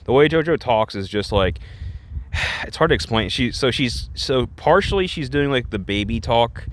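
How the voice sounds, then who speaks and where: A man's voice: mid-range voice, expressive, normal speed, slight background noise. A man ranting in reaction commentary, rambling and exasperated, with many restarts and fillers. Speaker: vlogger.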